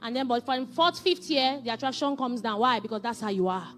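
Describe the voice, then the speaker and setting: High-voiced woman teaching on marriage. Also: a little fast, faint music behind. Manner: animated storytelling, repetitive emphatic phrasing. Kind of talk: faith-based marriage teaching.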